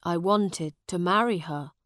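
A woman voicing a kind adult soldier who speaks gently and plainly. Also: on the low side, measured pace, no room sound, studio quality. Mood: gentle.

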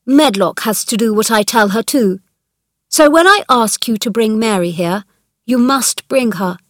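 A woman's voice: on the high side, normal speed, no room sound, clean studio sound, lightly acted. A woman reading aloud, voicing a sickly, spoiled young boy who gives orders in a hard voice. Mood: commanding. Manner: commanding, imperious. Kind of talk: read-aloud storybook dialogue.

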